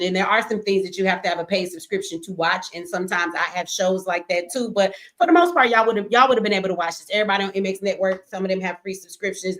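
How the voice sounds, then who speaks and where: Woman hosting a live show, aave, blunt and cussing, normal pitch. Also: poor audio. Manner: blunt and profane, swings loud when scolding. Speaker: host of a live call-in show. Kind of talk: casual live-stream chat.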